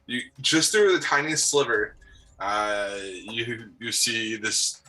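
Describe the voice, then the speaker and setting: A man narrating a tabletop game as game master, halting with many ums and uhs. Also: on the low side, pushed and bright, poor audio.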